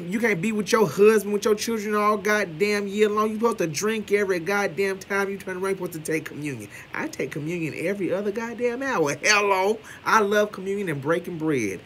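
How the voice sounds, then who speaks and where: A man giving loud, brash gossip commentary with heavy cursing. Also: high voice, a little hiss or hum. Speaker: commentary vlogger.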